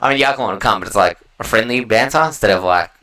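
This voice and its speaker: A man's voice: on the low side, rapid-fire, sharp tone, rough recording. An Australian man hosting a solo podcast, talking in a loose, rambling way with slang and heavy swearing. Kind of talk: casual rambling monologue.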